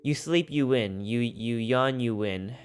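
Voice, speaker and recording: A man's voice: mid-range voice, measured pace, clear, resonant tone. A man streaming a video game, chatting casually with viewers in a rambling, goofy way, sleepy and a little sniffly. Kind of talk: casual live-stream chat. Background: background music.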